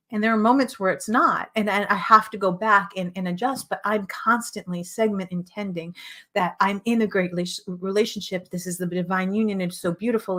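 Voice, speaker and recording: A middle-aged woman hosting a show and teaching about relationships in an earnest, repetitive way, her voice a little hoarse as she is losing it. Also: medium pitch. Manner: earnest, repetitive, with frequent "right?" asides. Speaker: host and relationship coach. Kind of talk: motivational teaching monologue.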